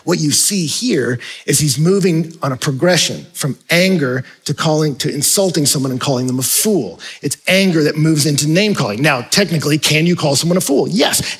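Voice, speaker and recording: Guy pastor preaching, chatty and animated, bit raspy, kinda high voice. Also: rough recording. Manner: conversational, animated preaching with acted-out asides. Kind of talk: sermon.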